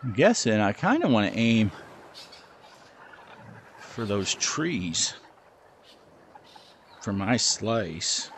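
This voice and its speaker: A man's voice: fairly low pitch, big pitch swings, drawn-out words, pauses often, a bit bright, slight background noise. A middle-aged man giving casual, self-deprecating commentary while playing a VR golf game, talking to his ball as he plays. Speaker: gaming channel host.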